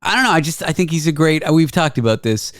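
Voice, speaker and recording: A man's voice: on the high side, expressive, quick pace, dry recording, studio quality. A man hosting a radio show in casual chat, easygoing and hesitant, often repeating words.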